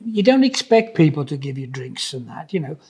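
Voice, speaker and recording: A man's voice: fairly high pitch, sing-song, fairly quick, a little mellow, breathy edge. An older man, a builder co-hosting a casual podcast, telling stories in a rambling way with many restarts. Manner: rambling storyteller, many restarts and "you know"s. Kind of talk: casual chat.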